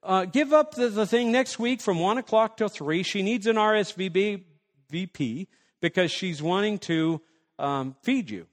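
A man's voice: high voice, lively intonation, measured pace, in a large hall. A man preaching a sermon as pastor, emphatic and conversational, asking the congregation rhetorical questions.

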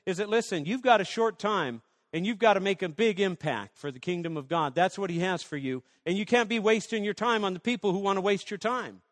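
A man preaching a sermon as pastor, swinging from loud rallying questions to soft asides. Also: high-pitched, a little fast, hardly any pauses, in a large hall.

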